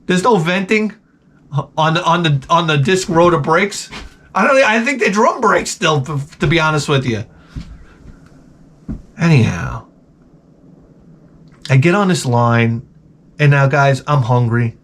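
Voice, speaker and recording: A man telling a story in a casual vlog rant, animated and profane with many restarts. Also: fairly high pitch, measured pace, pauses often, slight background noise. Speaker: vlogger.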